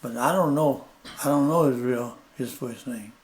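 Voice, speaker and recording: An older man, a plainspoken interview guest telling stories slowly and repeating his points. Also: mid-range voice, darkish tone, slight background noise. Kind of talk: storytelling in casual conversation.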